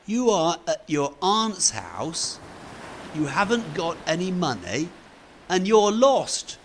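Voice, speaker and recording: A man's voice: on the high side, very animated, slow pace, a little hiss or hum, voice pushed up, full character voice. A man voicing a friendly, smiling fishing boat captain who speaks kindly and helpfully.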